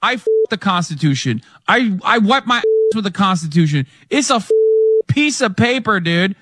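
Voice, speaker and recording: A man shouts a contemptuous, profanity-laced rant in a played clip. His voice sits high and cuts sharp and bright. The sound is close and dry. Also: very animated, normal speed, dry recording.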